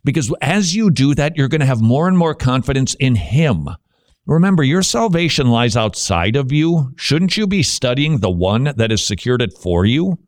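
A man hosting a radio talk show with an animated, swinging delivery that moves from jokes to earnest preaching. His voice is dry and close, with a middle pitch. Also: normal speed, no room sound. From Dutch heritage.

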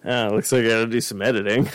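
A man's voice: lowish voice, slight background noise, rough recording. A man hosting a casual podcast chat, telling rambling stories over a remote call. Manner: chatty, rambling storyteller. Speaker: podcast host.

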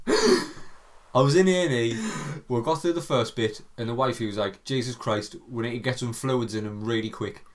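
A man's voice: medium pitch, measured pace, pauses often. A young man, co-hosting a casual podcast chat, telling a story animatedly, doing voices, swearing and laughing often. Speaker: podcast co-host.

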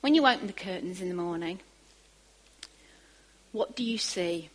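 A woman preaching a sermon, moving from quiet asides to emphatic, rising bursts. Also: on the low side, expressive, normal speed, low-quality recording.

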